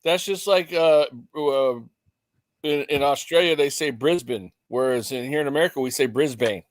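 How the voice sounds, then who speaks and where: A man's voice: on the high side, normal speed, clean tone, no room sound. Rambling man, dry close sound. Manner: rambling, repeats himself. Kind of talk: live fight reaction chat.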